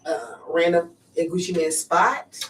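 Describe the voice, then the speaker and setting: A woman's voice: fairly low pitch, a little slow, a bit bright, slight background noise. A woman co-hosting a casual chat show, chatty and full of questions, often trailing off and restarting. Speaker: podcast co-host. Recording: echoey room, distant mic.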